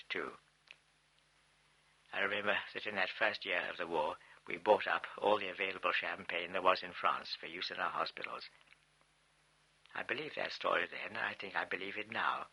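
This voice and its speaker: Low, husky man reading a memoir. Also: pushed and bright, rough recording. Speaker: audiobook narrator. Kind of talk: first-person memoir narration.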